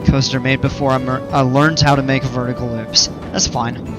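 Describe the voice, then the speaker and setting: A man's voice: mid-range voice, little pitch movement, moderate pace, over music. A man casually commenting on a game during a live stream, chatting with viewers in an easygoing, rambling way.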